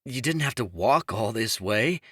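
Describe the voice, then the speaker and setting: A man's voice: mid-range voice, animated, a little slow, pushed and bright, dry recording, clean studio sound. A male audiobook narrator voicing an awkward young man who teases his friends but stammers when flustered. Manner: teasing then stammering. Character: awkward teasing young man, blushes easily. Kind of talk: audiobook character voice.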